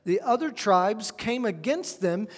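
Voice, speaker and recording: High-voiced preacher in a reverberant hall. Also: male voice, expressive, measured pace. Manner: earnest, emphatic preaching with shifts between loud stress and quiet asides. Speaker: pastor. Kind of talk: sermon. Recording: long reverb of a church hall.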